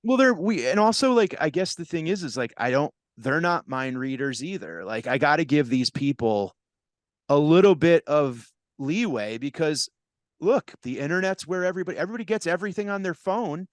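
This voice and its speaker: A man's voice: a little high, normal speed, no echo, studio quality. A man, a comedian hosting a podcast, telling stage stories in a casual chat and acting out voices. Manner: animated storyteller, acts out voices.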